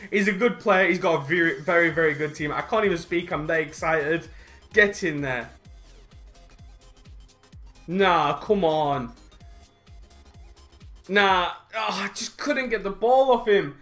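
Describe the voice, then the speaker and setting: Bright excitable gamer guy. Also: a little high, a little slow, pauses often, faint music behind. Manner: excitable, frustrated outbursts at the game. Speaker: gaming youtuber. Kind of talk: live gameplay commentary. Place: home room by a window.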